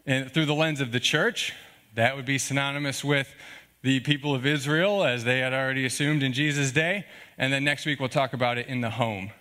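With a bright, forceful tone at a medium pitch, a male pastor delivers an earnest, conversational sermon. He frequently checks in with his listeners, tossing in "okay?" and "all right?" along the way.

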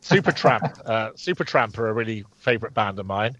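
A man's voice: fairly low pitch, lively intonation, a little fast, fairly bright tone, dry recording. Hesitant man, dull lo-fi sound. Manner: hesitant, many fillers and restarts. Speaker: co-host. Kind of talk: casual chat.

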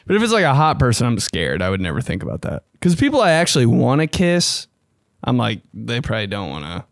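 Lively, profane young podcast host. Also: male voice, brisk, creaky, dry recording, studio quality. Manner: loose, profane and animated, with sudden jumps in pitch. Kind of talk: casual solo podcast chat.

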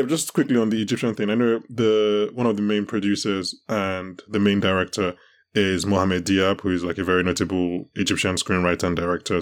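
A man hosting a podcast, chatting casually and animatedly, laughing often and restarting his sentences. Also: low voice. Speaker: podcast host. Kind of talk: casual chat.

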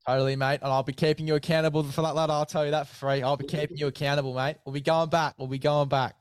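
A man's voice: on the high side, flat delivery, fast, clear, resonant tone, dry recording, clean studio sound. A man hosting a casual sports chat, matey and full of fillers. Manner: chatty, matey, heavy on fillers. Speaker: podcast host.

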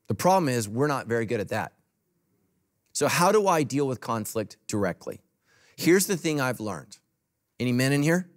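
A man preaching a sermon as pastor to a congregation in a church. He talks emphatically, swinging between loud, punchy lines and soft, low asides. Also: sing-song, moderate pace.

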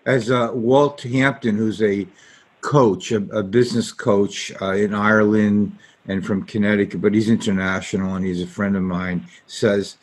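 A man's voice: fairly low pitch, fairly even intonation, normal speed. A man hosting an interview, asking questions in a rambling way with many fillers. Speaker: interview host. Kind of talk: podcast interview.

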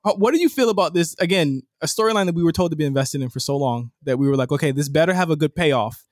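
A man's voice: a little high, animated, quick pace, no room sound, studio quality. A man co-hosting a TV recap podcast, bluntly critiquing an episode and swearing freely. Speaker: podcast co-host. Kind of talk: casual TV recap chat.

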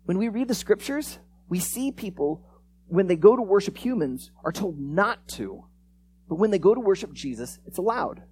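A conversational preacher in mid-sermon who retells stories with lively swings between loud, eager bursts and low, quiet phrases. The voice sits at an ordinary middle pitch. A faint noise runs underneath the recording. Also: normal speed. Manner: animated storyteller, acts out quoted lines; conversational, frequent restarts and "like". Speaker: pastor. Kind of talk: sermon with storytelling.

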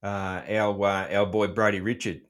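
A man's voice: fairly low pitch, little pitch movement, normal speed. A middle-aged Australian man hosting a casual chat, joking around and swearing freely, with plenty of ums. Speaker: podcast host.

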